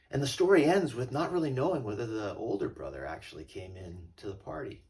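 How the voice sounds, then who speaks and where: A male pastor giving a relaxed, conversational sermon and retelling a parable. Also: medium pitch, brisk, hardly any pauses, far from the mic. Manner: conversational and storytelling.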